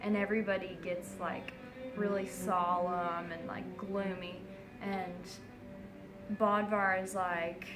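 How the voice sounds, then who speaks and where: A tipsy woman rambles through a comic retelling, filling every gap with "like" and "so then". She talks at a slow pace with a middle pitch. The room is echoey, and clear music plays behind her. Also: steady tone. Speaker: narrator.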